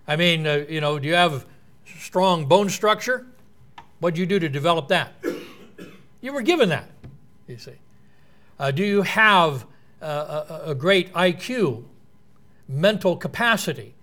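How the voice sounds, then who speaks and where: A man's voice: fairly high pitch, bright, forceful tone. A man preaching a sermon in an earnest, explanatory way, quoting and unpacking scripture.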